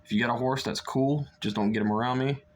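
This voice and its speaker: A man's voice: medium pitch, steady tone, fast. A young man chatting casually through a book review, rambling with lots of fillers and restarts.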